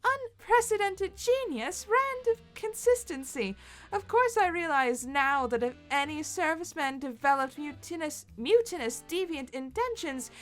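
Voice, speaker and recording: A woman's voice: very high voice, a bit bright, pitched above the performer's own voice. A woman voicing a smug young man with a put-on English accent, talking in a mock-formal, pompous way. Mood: theatrical.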